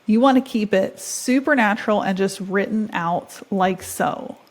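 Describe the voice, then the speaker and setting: A woman's voice: mid-range voice, a little slow. A woman in her thirties hosting a casual screen-share tutorial, chatty and upbeat, thinking aloud as she clicks through steps. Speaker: tutorial host.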